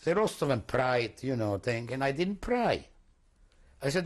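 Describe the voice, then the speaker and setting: A man's voice: medium pitch, big pitch swings. Older male interviewee, mid-range voice, unpolished, stumbling speech in testimony. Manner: halting, searching for words, repeats himself; non-native English, broken grammar. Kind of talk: oral history testimony.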